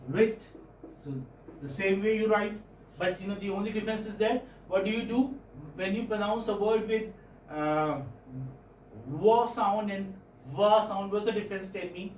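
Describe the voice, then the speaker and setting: A man with an Indian English accent teaching phonetics in a classroom, questioning students and repeating sounds slowly. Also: high voice, steady tone, slight background noise. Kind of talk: classroom lecture. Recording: echoey classroom, far-off mic, faint ambience.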